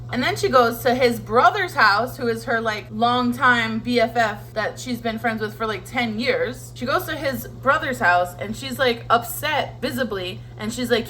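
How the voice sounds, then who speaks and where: A woman's voice: fairly high pitch, lively intonation, normal speed, hardly any pauses, sharp tone, slight background noise. A young woman at home, ranting casually about a book she read, swearing freely and acting out lines from it. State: tired from cleaning. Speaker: book vlogger. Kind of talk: casual chat. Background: faint household sounds, washing machine running.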